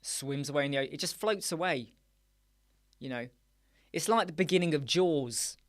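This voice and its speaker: A man's voice: a little high, moderate pace. A man hosting a casual live-stream chat show, joking around, playing with words and laughing often as he answers viewers. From United Kingdom. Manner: jokey, playful, riffs on words and laughs often. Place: small dark room with soundproof panels.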